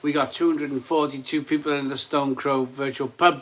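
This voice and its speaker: A man hosting a casual live stream from home, chatting excitably and counting likes aloud. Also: medium pitch, moderate pace, noisy background.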